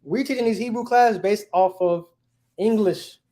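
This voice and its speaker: Man, high-pitched, language teacher, laid-back classroom talk, keeps asking "right?". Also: measured pace, warm tone. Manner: casual, keeps checking with "right?".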